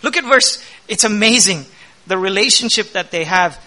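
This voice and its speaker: Middle-aged male pastor, high bright voice, energetic sermon delivery. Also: moderate pace. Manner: energetic preaching with rising emphasis and quoted scripture.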